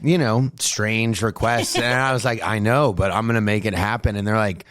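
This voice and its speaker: A man's voice: lowish voice, steady tone, normal speed, fairly bright tone. Laughing man co-hosting a podcast. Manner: laughing, storytelling, casual swearing. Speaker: podcast co-host. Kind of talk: casual chat.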